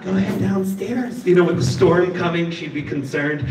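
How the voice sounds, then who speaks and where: A man's voice: high-pitched, normal speed, background noise. A man from Chicago doing a rambling stand-up set on stage, restarting lines and acting out characters. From Chicago, USA. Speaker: stand-up comedian. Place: live comedy show stage. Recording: echoey room, distant mic, crowd. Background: audience laughter.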